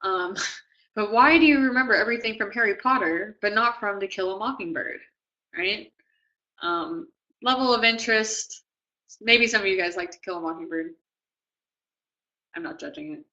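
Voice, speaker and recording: A woman tutor giving a relaxed classroom lecture for test prep, often checking in with "okay?" and "right?". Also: mid-range voice, moderate pace, pauses often, lo-fi sound.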